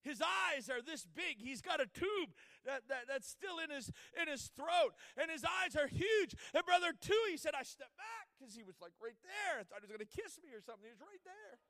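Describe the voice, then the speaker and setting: High-voiced male preacher telling a story. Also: animated, moderate pace, few pauses, bright, forceful tone, no echo, studio quality. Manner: dramatic storyteller acting out quoted speech. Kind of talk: sermon storytelling.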